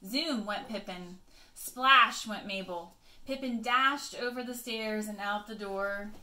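A woman teacher reading a picture book aloud to children, expressive, with chatty asides to her pupils. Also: mid-range voice, slow, echoey room.

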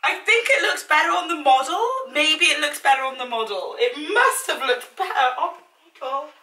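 In a casual haul video, a vlogger in her twenties tries on clothes at home with dramatic, exasperated self-mockery. She speaks at normal speed, her high voice lively in intonation, bright and forceful. Sound comes through a distant mic in an echoey room.

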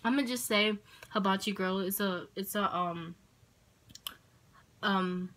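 Brief: casual woman vlogger, mid-pitched, hesitant and chatty. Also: slow, fairly bright tone, poor audio. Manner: rambling, hesitant, with many ums and likes. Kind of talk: casual Q&A tag video.

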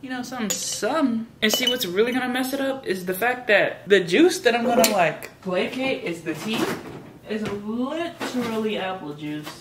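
A woman chatting casually to camera in her home kitchen, slangy and thinking out loud, now and then slipping into a put-on British accent. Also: fairly high pitch, animated, moderate pace, noisy background. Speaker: vlogger. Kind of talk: casual vlog chat.

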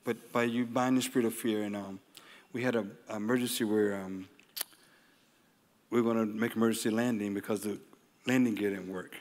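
A middle-aged man, a flight attendant, giving an earnest, halting testimony on stage with many fillers. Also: lowish voice, fairly even intonation, darkish tone. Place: large meeting hall. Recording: long hall reverb.

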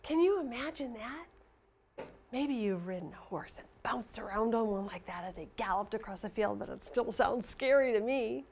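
A woman teacher reading a story and giving a phonics and handwriting lesson to young children, speaking slowly, clearly and expressively. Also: on the high side, expressive, darkish tone, slight background noise.

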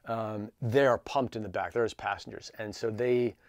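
A man in his forties telling a story in a casual, energetic, chatty way, full of fillers like "like" and "dude". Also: lowish voice, moderate pace, no echo, studio quality. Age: 40s. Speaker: channel host.

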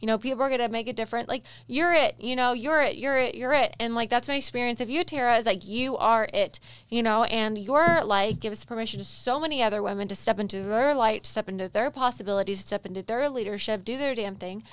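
A woman hosting a casual interview, emphatic and encouraging, telling stories in an animated way. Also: a little high, fast talker, hardly any pauses, clear, resonant tone, no echo. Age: adult, with a daughter. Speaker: podcast host.

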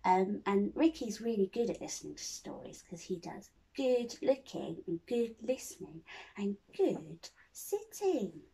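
A woman teacher reading a picture book aloud to young children, with expressive storytelling aimed at a child listener. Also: mid-range voice, unhurried, gravelly, poor audio. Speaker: class teacher.

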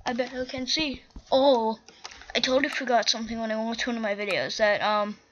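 A gaming channel host with a slightly high, somewhat quick voice chats casually while she plays, getting easily flustered and breaking into panicked shouts. The commentary comes through a dull lo-fi mic with faint noise.

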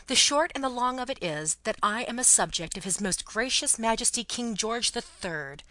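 A woman reading the part of a brisk, fiercely loyal Englishwoman companion who speaks emphatically and bossily. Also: fairly high pitch, animated, pushed and bright, dry recording. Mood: emphatic. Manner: emphatic and bossy.

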